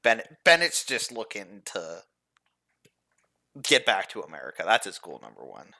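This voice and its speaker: A man's voice: lowish voice, wildly swooping pitch, normal speed, gravelly, bright, forceful tone. A man playing a tabletop game, coy and teasing about his character. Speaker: player. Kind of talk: casual chat at a tabletop game.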